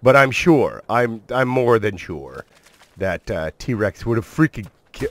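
A man giving excitable let's-play commentary as a gaming channel host, swearing mildly and talking to his viewers and the creatures he tames. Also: mid-range voice, unhurried, faint music behind.

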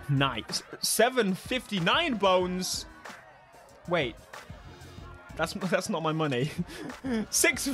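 A man commentating his own racing game playthrough, excitable and jokey, laughing often. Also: high-pitched. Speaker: gaming YouTuber. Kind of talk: let's play commentary.

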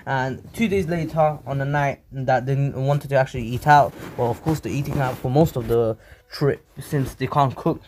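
A man's voice: medium pitch, moderate pace, darkish tone, slight background noise. A man casually narrating a fan story, rambling with many fillers and restarts. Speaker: anime channel narrator.

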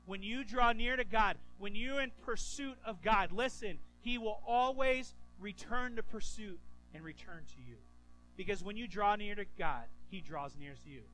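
A man preaching a sermon as pastor, animated and acting out the people in his stories. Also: high-pitched, normal speed, soft background music, low-quality recording. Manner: animated, acts out quoted voices.

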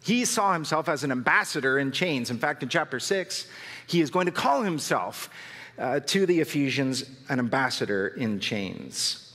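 A man's voice: mid-range voice, animated, moderate pace, sharp tone. A man preaching a sermon as pastor, telling stories and rising to fervent emphasis. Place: church hall. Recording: long hall reverb.

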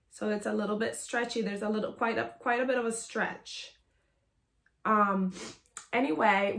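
A woman's voice: on the high side, a bit bright. Chatty woman with a sore throat. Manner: chatty and rambling, many "um"s and asides. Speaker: sewing pattern designer demonstrating a project. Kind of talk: casual sewing tutorial chat. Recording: echoey room.

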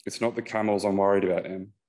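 A man's voice: fairly low pitch, little pitch movement, quick pace, darkish tone, natural voice. A man voicing a casual, mildly worried male coworker calling on the phone in a short story reading. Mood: concerned.

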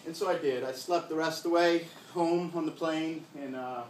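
An older male comedian telling a story on a live stage, with deadpan punchlines. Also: a little high, normal speed, a little hiss or hum. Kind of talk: live one-man stage comedy monologue. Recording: echoey live room from far off.

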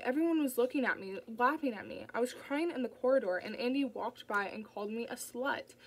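A woman's voice: on the high side, low-quality recording. A woman voicing a bitter, hostile young woman who sneers and curses, in an audiobook reading.

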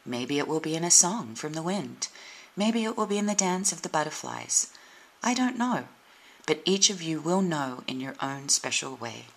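A woman voicing a wise, gentle tree wizard in a children's storybook, slow and comforting. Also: low-pitched, big pitch swings, slight background noise, rough recording. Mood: consoling. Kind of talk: storybook reading.

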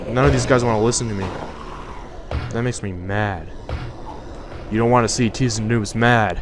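A man's voice: on the low side, normal speed, long pauses, over music. A young man giving jokey, swearing commentary while playing a horror game and talking back to its figures. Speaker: gaming YouTuber.

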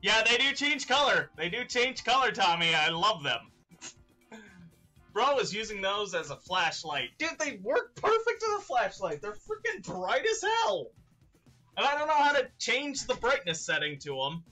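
A young man streaming a game, chatting excitedly with his viewers and laughing often. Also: high voice, moderate pace, soft background music. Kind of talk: live-streamed gameplay chat.

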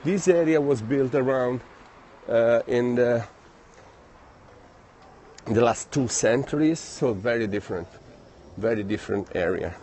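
A man with an Italian accent chats to viewers in a loose, friendly way, stopping to search for words as he walks along city streets. His pitch sits in the middle range for a man. His phone picks up faint outdoor sounds and a passing vehicle now and then. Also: dark tone, a little hiss or hum. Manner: friendly, chatty, halting non-native phrasing. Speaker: live streamer. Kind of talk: casual live-stream chat, reading viewer comments.

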